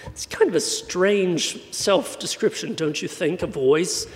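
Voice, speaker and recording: Guy from san antonio with a high light voice, giving a sermon, telling it wry and chatty, lots of church reverb. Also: unhurried. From San Antonio, Texas. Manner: high, light voice often mistaken for British; wry, conversational storytelling. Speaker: preacher.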